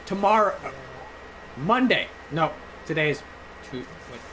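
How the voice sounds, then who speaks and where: A man's voice: on the high side, lively intonation, takes it slowly, slight background noise. Drunk, rambling young man streamer. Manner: rambling, loud, bursts into singing. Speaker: gaming streamer. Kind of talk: casual gameplay chat.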